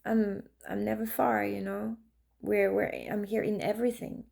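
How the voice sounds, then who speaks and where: A woman's voice: mid-range voice, level tone, moderate pace, gravelly, a little mellow. A woman in her thirties, an artist, chatting casually and telling personal stories with many fillers and restarts. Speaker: artist and vlogger. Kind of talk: casual storytelling monologue.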